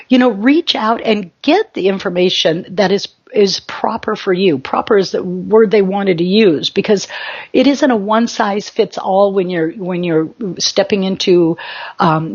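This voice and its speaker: A woman's voice: medium pitch, a little mellow, lo-fi sound. A woman spiritual teacher giving an emphatic motivational talk in short, exhorting commands.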